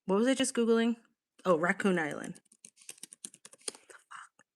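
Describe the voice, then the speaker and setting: A woman hosting a casual livestream, chatting to her viewers in an excitable way and swearing freely. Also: mid-range voice, brisk. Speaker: livestream host.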